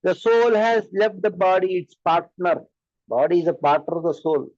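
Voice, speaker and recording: A man's voice: high voice, fairly even intonation, normal speed, darkish tone, dry recording, lo-fi sound. A man with an Indian English accent giving a sermon as a spiritual teacher, driving his point home with repeated rhetorical questions.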